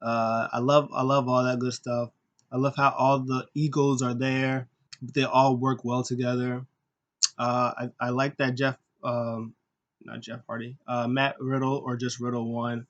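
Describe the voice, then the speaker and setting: A man's voice: mid-range voice, flat delivery, measured pace, fairly bright tone, highs cut off. A man hosting a casual solo recap of a wrestling show, talking in an enthusiastic, rambling way with lots of fillers and acted-out quotes.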